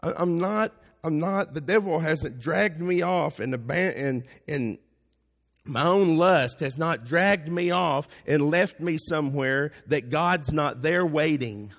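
A man's voice: fairly high pitch, takes it slowly. A man preaching a sermon as pastor, building to emphatic peaks. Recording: long hall reverb.

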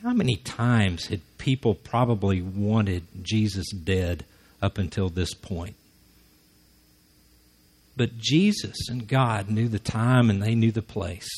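A man's voice: fairly low pitch, animated, slow, darkish tone, husky. A man preaching a conversational sermon who acts out the lines he quotes.

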